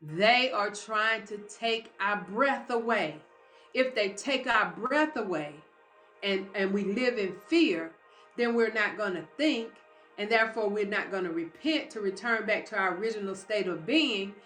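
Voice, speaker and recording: A woman's voice: mid-range voice, animated, measured pace, a bit bright, soft background music. Female motivational speaker, emphatic and preacher-like; roomy recording. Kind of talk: live motivational talk.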